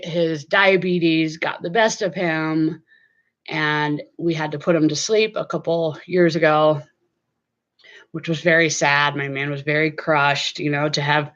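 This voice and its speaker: A woman's voice: deep voice, a bit bright, highs cut off. A middle-aged woman chatting casually to camera from her home, rambling with many fillers. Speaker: vlogger.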